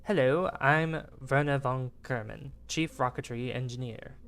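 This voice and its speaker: A man's voice: mid-range voice, a little slow, a bit bright, clean tone. A man voicing a chipper male rocket engineer giving a formal guided tour, in a put-on British accent. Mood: formal guide.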